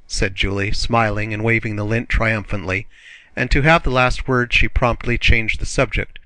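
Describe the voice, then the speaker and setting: A man narrating an audiobook in a measured, even reading. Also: lowish voice, dry recording, poor audio. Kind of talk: scripted narration.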